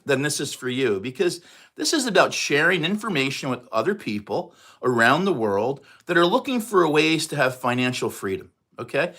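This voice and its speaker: A man in his sixties with a New York accent, chatting casually and fast on a livestream. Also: on the high side, very animated, sharp tone. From New York area, USA. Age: 60s. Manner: fast, chatty, reads out viewer comments. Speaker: livestream host.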